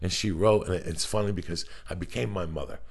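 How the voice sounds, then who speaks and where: Middle-aged male podcast co-host, gravelly and low, swears freely, tells rowdy comic stories. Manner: profane, rapid storytelling with loud laughing outbursts. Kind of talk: crude comic chat.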